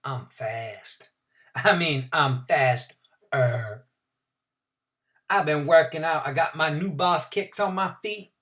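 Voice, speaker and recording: A man's voice: on the high side, slow pace, pauses often, pushed and bright. Swaggering teen boy bully from a storybook read-aloud, cocky street slang , a man putting it on. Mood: bragging. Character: cocky teenage boy, tough, taunting rival.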